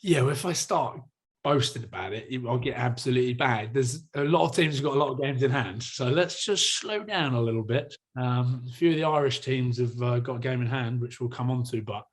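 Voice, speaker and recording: A man's voice: medium pitch, brisk, breathy edge. A young man co-hosting a rugby podcast, chatting casually, laughing often and swearing freely. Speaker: podcast co-host, rugby player. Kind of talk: casual chat.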